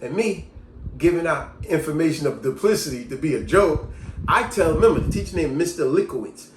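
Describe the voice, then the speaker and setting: A man vlogging, telling personal stories in a casual, animated monologue. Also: on the high side, brisk, noisy background. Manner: animated storyteller, lively delivery. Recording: echoey room.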